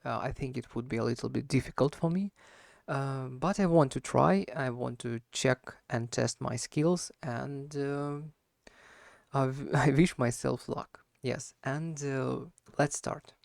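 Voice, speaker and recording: A man's voice: mid-range voice, unhurried, creaky, no room sound, studio quality. A man who is not a native English speaker, talking through a solo speaking practice with a slight harsh wheeze and lots of fillers and self-corrections. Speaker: language learner.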